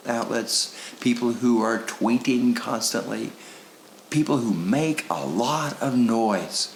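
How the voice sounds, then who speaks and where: A man's voice: mid-range voice, gravelly, roomy sound, a little hiss or hum, low-quality recording. A male pastor preaching a sermon in a conversational way, asking rhetorical questions. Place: church sanctuary.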